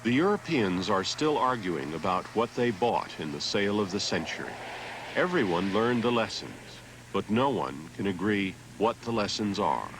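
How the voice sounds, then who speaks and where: A man reading scripted documentary narration in an even, measured way. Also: lowish voice, slight background noise, low-quality recording.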